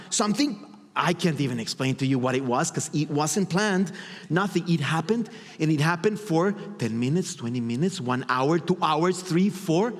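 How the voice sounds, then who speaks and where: Animated male speaker in a reverberant hall. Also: on the high side. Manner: animated, acts out his inner voices. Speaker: motivational speaker. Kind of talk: storytelling stage talk.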